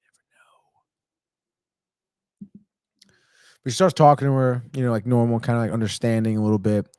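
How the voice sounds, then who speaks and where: A young man hosting a podcast and excitedly recapping a TV episode, swearing often and acting out the characters' lines. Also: mid-range voice, a little fast, clean tone, no room sound. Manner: excitable, says "dude" constantly, swears, acts out the characters' lines. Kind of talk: casual chat.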